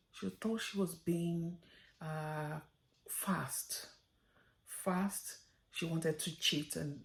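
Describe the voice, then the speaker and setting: A woman gives a heartfelt memorial tribute to her mother. She speaks earnestly and sometimes drops to a soft whisper. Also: sits low. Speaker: daughter giving a tribute.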